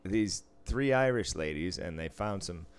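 A man with a very low voice chats casually. He rambles, swears freely and breaks into laughter as he tells his stories. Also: lively intonation, a little slow, smooth. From Boston area, US. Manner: profane, rambling, laughs a lot. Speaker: podcast co-host, casino dealer. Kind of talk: casual chat.

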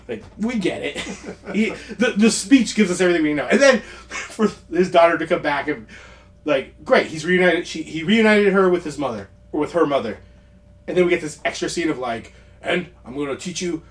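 Chatty man rambling about movies. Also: fairly high pitch. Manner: rambling, laughs often, quick asides. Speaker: podcast co-host. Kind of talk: casual movie chat.

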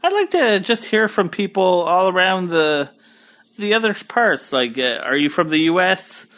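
Crude Acadian French-accented podcaster, bright tone. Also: male voice, high-pitched, big pitch swings, measured pace. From Moncton, New Brunswick, eastern Canada. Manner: crude, rambling, profane and easygoing. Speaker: podcast host. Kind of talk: solo podcast monologue. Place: at home on a couch.

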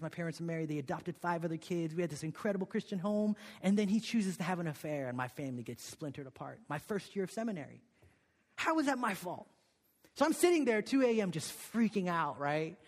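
Recorded with a big-room sound, a slightly high-voiced pastor from Korea delivers a sermon built around a personal story. He keeps tossing in "okay?" and "right?", sinking to a hush before building back up with emphasis.

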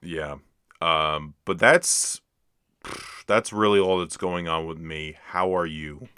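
A man co-hosting a casual podcast who makes dry jokey asides and pauses on fillers. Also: low-pitched, steady tone, bright, forceful tone, clean tone, no room sound. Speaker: podcast co-host. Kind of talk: casual chat.

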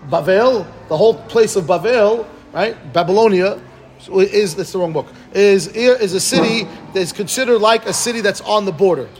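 A man's voice: sits high, slight background noise. A man teaching a Talmud class, reading Aramaic and explaining it phrase by phrase in English, often checking with listeners. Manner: quick, animated, asks listeners "right?".

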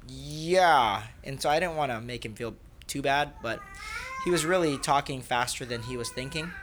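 A man's voice: medium pitch, a little fast, fairly bright tone. Dad chatting w his kids at home, patient, lots of questions, noisy recording. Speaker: father. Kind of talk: casual family chat.

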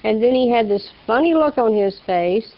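A woman with a gravelly, creaky voice tells her testimony in a folksy storytelling way. She acts out the voices of the people in her story. The recording is a little dull and lo-fi. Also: a little high, animated, moderate pace. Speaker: speaker giving a testimony. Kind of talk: personal testimony.

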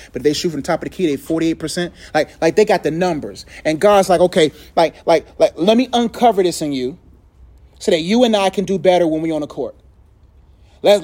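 A man leading a casual faith talk with a group, telling stories in a lively way, acting out voices in quotes and laughing often, with loose phrasing full of "like". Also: high voice. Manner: animated storyteller who acts out quotes, laughs often; loose conversational phrasing with many "like"s.

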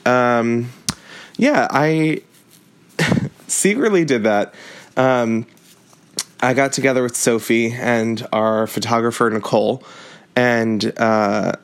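A man's voice: medium pitch, fairly bright tone, smooth. Chatty young podcast host, a man. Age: 20s. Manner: chatty and upbeat, with laughs and fillers. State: out of breath. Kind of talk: casual podcast chat.

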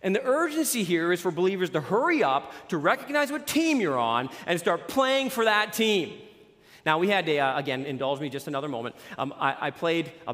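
A man in his forties preaching a sermon as pastor, animated and joking, telling stories and sports analogies. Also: a little high. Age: 40s. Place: church sanctuary. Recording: long reverb of a large hall.

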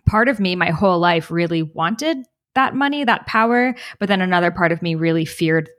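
Woman, podcast guest, lower voice, casual storytelling, chatty fillers. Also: animated, normal speed, fairly bright tone. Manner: chatty, lots of "like" and "you know". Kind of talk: casual conversation and personal storytelling.

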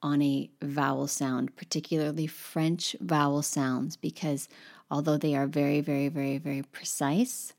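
A woman teaching French pronunciation to English speakers online, spelling words out letter by letter and slowing down to demonstrate. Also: sits low, steady tone, vocal fry, a little mellow. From English-speaking country.

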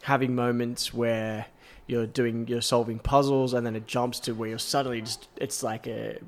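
A man's voice: mid-range voice, flat delivery, moderate pace. A man in a casual gaming chat, talking with hesitant ums and restarts.

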